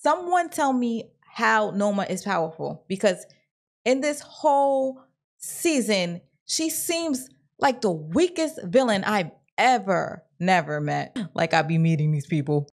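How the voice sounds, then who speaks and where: A woman's voice: medium pitch, expressive, a little slow, vocal fry. A woman giving a casual, opinionated recap of a TV episode, talking in slang and acting out the characters' lines. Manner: opinionated and blunt. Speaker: TV recap vlogger.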